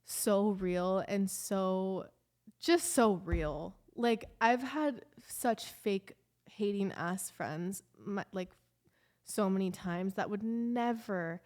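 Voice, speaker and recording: A woman's voice: mid-range voice, takes it slowly, a little mellow. Young woman vlogger, casual confessional chatter, rambling and heartfelt. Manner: emotional, rambling, lots of "like" fillers.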